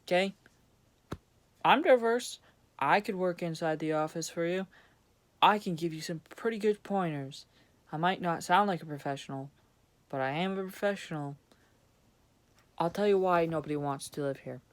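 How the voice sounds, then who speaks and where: A man's voice: on the high side, moderate pace, long pauses. A young man from Vermont delivering a profane, sarcastic rant as a vlogger. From Vermont, USA. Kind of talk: angry ranting monologue.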